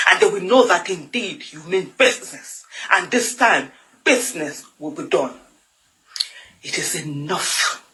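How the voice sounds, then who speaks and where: This political commentator is a Nigerian woman whose medium-pitched voice has a fairly bright tone and a Nigerian accent. Her monologue on politics is impassioned and heavily repetitive, full of fire and emphasis, captured on a rough recording.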